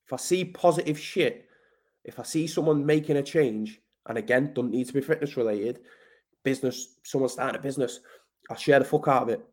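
A man's voice: medium pitch, fairly quick, a little mellow. A man from Manchester with an English accent, a podcast guest talking in a blunt, emphatic way, swearing often and calling the host mate. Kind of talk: casual conversational interview.

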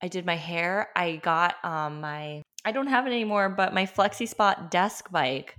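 Lower-voiced young mom sharing candidly. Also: female voice, unhurried, fairly bright tone. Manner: chatty, many filler words; emotional, openly honest. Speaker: podcast host. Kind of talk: candid personal storytelling.

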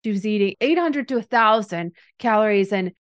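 A woman hosting a podcast interview, a fitness coach who tells client stories in a lively, chatty way. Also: mid-range voice, fairly quick, dry recording, clean studio sound. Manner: animated, chatty, acts out clients' quotes.

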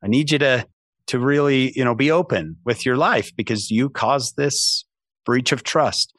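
A man's voice: medium pitch, moderate pace, no room sound. Man telling a story in a dry room. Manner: animated, self-mocking anecdote teller; many restarts and asides like "right?". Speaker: podcast guest. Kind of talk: casual storytelling.

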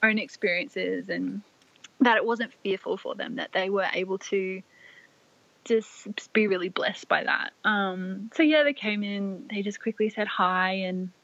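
A woman's voice: medium pitch, normal speed, vocal fry, fairly bright tone, no room sound. Young woman, heartfelt birth story, casual storytelling, muffled dry sound. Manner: emotional, breathless retelling with many fillers and restarts. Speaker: guest telling her birth story.

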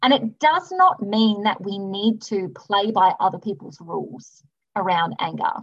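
A woman's voice: medium pitch, animated, a little slow, muffled recording. A woman hosting a spiritual self-help podcast, talking earnestly and emphatically in long runs of repeated phrases. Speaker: podcast host.

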